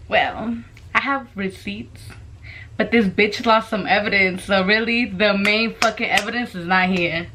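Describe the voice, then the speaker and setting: A brash, profane young woman tells her story in a casual vlog, her voice bright and forceful. She jumps between loud exclamations and hushed asides over a faint hiss in the background. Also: mid-range voice, moderate pace. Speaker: vlogger.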